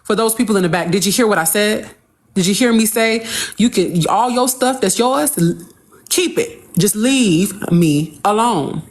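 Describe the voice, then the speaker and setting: A woman's voice: mid-range voice, normal speed. A woman talking heatedly on a livestream, answering critics with repeated rhetorical questions.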